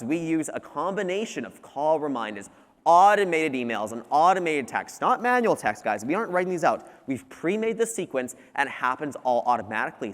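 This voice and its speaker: A young Canadian man giving an energetic, salesy conference talk on lawn care sales, addressing the audience as guys. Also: medium pitch. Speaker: lawn care business presenter. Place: conference hall. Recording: echoey conference hall.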